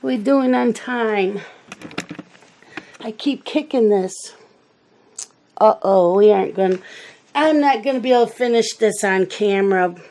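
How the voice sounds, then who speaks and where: A woman's voice: mid-range voice, creaky, a little mellow. A middle-aged woman hosting a coloring video, chatting casually and telling rambling family stories while she works. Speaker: coloring channel host.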